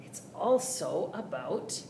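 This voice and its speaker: A woman's voice: fairly low pitch, big pitch swings, slow, creaky, warm tone, recorded from a distance. A woman leading a children's story time with songs and finger rhymes, coaxing young listeners to sing along. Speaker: children's librarian. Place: library room. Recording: roomy echo, faint noise.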